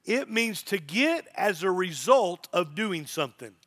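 A man's voice: sits high, very animated, measured pace, fairly bright tone. A middle-aged man, a pastor, preaching a sermon with emphasis and repeated phrases.

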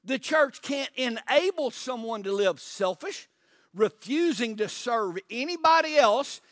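High-voiced preaching man, dry sound. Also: animated, fairly bright tone, dry recording. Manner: preachy, asks the congregation pointed questions; pauses for emphasis. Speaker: pastor. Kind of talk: sermon.

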